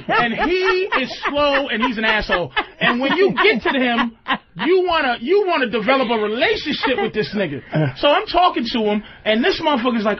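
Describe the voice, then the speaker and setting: Brash guy hosting a radio show, really lively up-and-down voice, kinda dull lo-fi sound. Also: very high-pitched. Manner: brash, profane, animated storytelling. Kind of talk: comedic storytelling talk.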